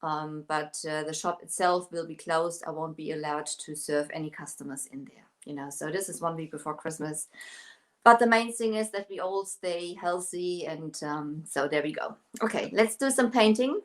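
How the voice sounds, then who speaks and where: A woman's voice: deep voice, normal speed. Chatty German-speaking woman streaming live. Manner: chatty, hesitant with many fillers, greets viewers. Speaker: furniture painting live streamer. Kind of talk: casual live-stream chat and painting demo.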